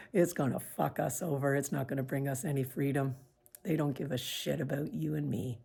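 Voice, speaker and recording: This woman from Canada is a vlogger sharing her views straight to camera in an earnest, pained personal monologue, occasionally whispering. Her voice is deep, gravelly, husky and darkish in tone.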